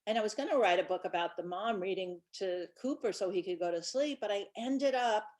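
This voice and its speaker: A woman's voice: medium pitch, a little fast, a little mellow. A woman who writes children's books, talking casually and chattily about her books, with small restarts. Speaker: children's book author.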